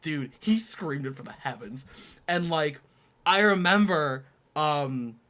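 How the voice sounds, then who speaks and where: A young man co-hosting a podcast, chatting casually and telling lively stories, acting out shouted quotes. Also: on the high side, slow. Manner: animated storyteller, acts out quotes loudly. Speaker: podcast co-host. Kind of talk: casual chat.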